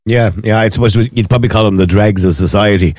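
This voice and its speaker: A middle-aged Irish man hosting a radio talk show, telling anecdotes in an animated way and putting on voices as he tells them. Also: lowish voice, fast talker, no room sound, studio quality. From Ireland. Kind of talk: radio phone-in chat.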